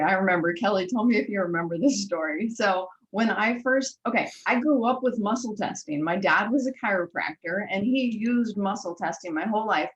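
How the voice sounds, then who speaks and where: Woman host, lively storyteller who acts out conversations, slightly muffled recording. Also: mid-range voice. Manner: enthusiastic storyteller, acts out dialogue. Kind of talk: conversational interview.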